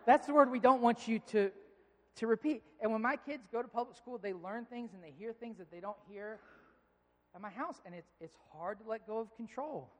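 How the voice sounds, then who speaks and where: A man in his thirties preaching a sermon, telling family stories in a relaxed, conversational way. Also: high-pitched, a little fast. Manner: conversational, storytelling, animated when amused. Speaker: pastor. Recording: long reverb of a large hall.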